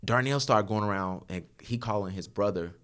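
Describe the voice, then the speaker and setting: A man in his thirties, a photographer guest on a podcast, telling stories in an animated, chatty way and laughing often. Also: lowish voice, moderate pace, clear, resonant tone. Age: 30s. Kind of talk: casual storytelling chat.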